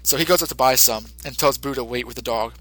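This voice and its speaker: A man's voice: mid-range voice, fast talker, fairly bright tone, no room sound, poor audio. A male podcast host casually recapping an episode, rambling with lots of fillers.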